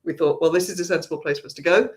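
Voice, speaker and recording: Rambling, chatty theatre director. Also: female voice, lowish voice, racing, darkish tone. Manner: chatty, rambling, with frequent restarts. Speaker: artistic director of a theatre company. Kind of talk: casual spoken announcement.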